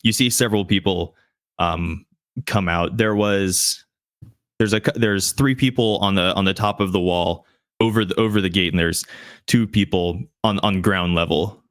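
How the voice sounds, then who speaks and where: Male game master, lowish pitch, halting delivery, dry mic. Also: no room sound. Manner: halting, many restarts and fillers. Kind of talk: narrating a tabletop game.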